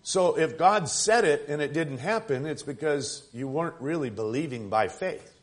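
Male preacher, slightly high-pitched, talks to the congregation plainly and punches key lines hard. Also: lively intonation, normal speed. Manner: emphatic, conversational preaching with rising and falling intensity. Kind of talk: sermon.

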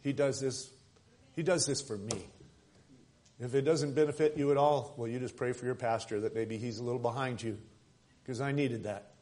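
Male pastor, mid-pitched voice, preaching sermon with dynamic loud-to-hushed delivery. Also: moderate pace. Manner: preaching with swings between loud emphasis and soft near-whispers. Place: church service.

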